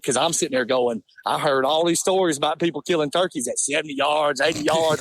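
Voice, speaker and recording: A man, telling an animated, laughing hunting story in casual talk. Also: on the high side, normal speed, no echo. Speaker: podcast guest.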